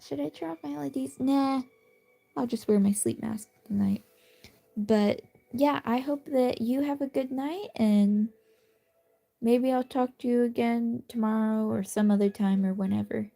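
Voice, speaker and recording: A woman chatting casually on a late-night phone livestream from her bed, rambling and self-deprecating, sometimes dropping to a soft whisper. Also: a little high, steady tone, unhurried, vocal fry. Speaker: streamer. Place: cozy bedroom at night.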